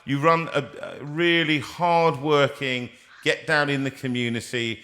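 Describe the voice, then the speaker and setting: A male host chats jovially on a live-streamed show. His voice has a bright, forward edge, and he rambles and breaks off mid-sentence. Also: fairly high pitch, fairly even intonation, a little slow. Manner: jovial, rambling, self-interrupting.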